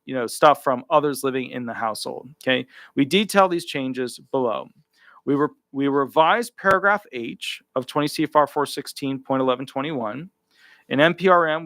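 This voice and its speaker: A man's voice: medium pitch, fairly bright tone, no echo, clean studio sound. A man working as a disability attorney, giving live commentary while reading a rule aloud, with emphatic repeated words and offhand asides between the passages.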